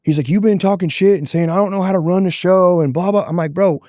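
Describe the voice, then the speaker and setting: A man's voice: high-pitched, quick pace, no echo, clean studio sound. A man, a boxing coach, casually telling a heated story on a podcast, swearing often and acting out what people said. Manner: animated, swears often, acts out quotes.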